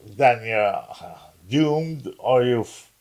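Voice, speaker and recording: A man co-hosting a podcast, bantering crudely in a rambling, halting way with lots of fillers. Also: mid-range voice, animated, darkish tone. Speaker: podcast co-host.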